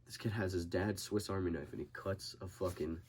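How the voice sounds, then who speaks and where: A young man, a boxer appearing as a podcast guest, speaks briskly in a low, darkish voice over slight background noise. His casual story is packed with swearing, and he acts out his friend's panic.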